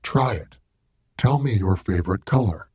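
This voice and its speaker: A man voicing a sinister unseen male entity that calmly commands and coaxes a child, in a low husky voice. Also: moderate pace, no echo, studio quality. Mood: coaxing, commanding. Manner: calm, commanding, coaxing. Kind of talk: audiobook character voice.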